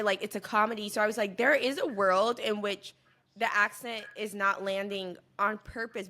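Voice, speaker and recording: Woman podcast cohost, bright forward voice, kinda hedgy, feels around for words. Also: mid-range voice. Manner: hedging, searching for words. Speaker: podcast co-host. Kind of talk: casual chat.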